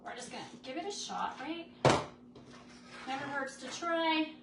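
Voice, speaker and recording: Her voice is high and animated, paced in a measured way, though the mic sits at a distance. Crafting on a livestream, she greets viewers by name and chats casually, captured by a phone on a stand with noisy, echoey audio.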